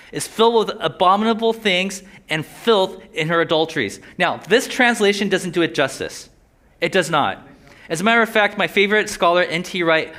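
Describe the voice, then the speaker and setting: A man's voice: sits high, pushed and bright. A young man preaching a sermon in a loose, conversational way, with a slight lisp from a sore tongue, breaking into joking asides. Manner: conversational, joking asides, voices inner thoughts.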